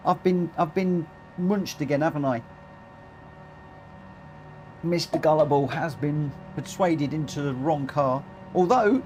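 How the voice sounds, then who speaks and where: A man with a fairly high, slightly mellow voice hosts a live stream of online racing lobbies. He chats casually and pokes fun at himself while reading messages from chat.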